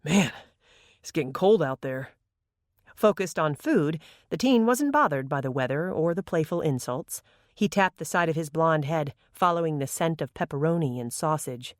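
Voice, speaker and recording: An audiobook narrator reading a story in an even, unhurried way. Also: mid-range voice, no echo, studio quality. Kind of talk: scripted narration.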